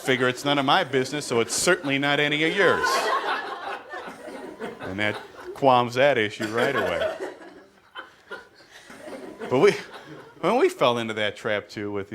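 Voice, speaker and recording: A middle-aged man works a stand-up comedy crowd, his pitch leaping up and down as he tells stories and drops punchy asides. The live stage recording carries a clear layer of noise behind him. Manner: animated storytelling with punchy asides.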